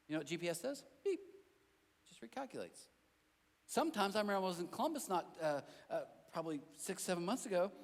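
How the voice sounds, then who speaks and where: Preaching with a high-pitched voice, this pastor speaks directly to his audience in a church auditorium, mixing animated stories with jokes at his own expense. Long hall reverb is heard throughout.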